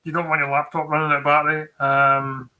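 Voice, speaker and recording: Bright-voiced Scottish man chatting casually. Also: a little high, level tone, fairly quick, rough recording. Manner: chatty, informal, frequent fillers and restarts. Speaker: co-host of a tech livestream. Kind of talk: casual chat giving exam tips.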